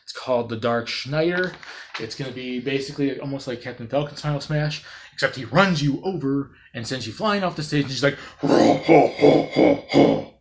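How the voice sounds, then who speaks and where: A man giving unscripted gaming commentary, rambling and excitable, with many fillers and restarts and loud bursts into playful sound effects. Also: medium pitch, a little fast, a little hiss or hum. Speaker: gaming video creator.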